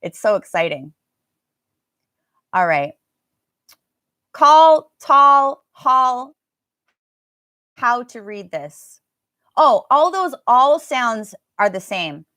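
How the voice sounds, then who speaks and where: A woman's voice: medium pitch, big pitch swings, slow, long pauses, fairly bright tone, no room sound, studio quality. Chatty American woman teaching English live. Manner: chatty and laughing, answering viewer comments. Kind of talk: live online pronunciation class.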